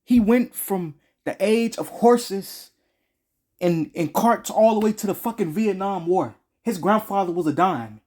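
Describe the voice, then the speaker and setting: A man's voice: sits high, lively intonation, unhurried, a little mellow. A man giving a casual game review, slangy and profane, rambling with frequent restarts.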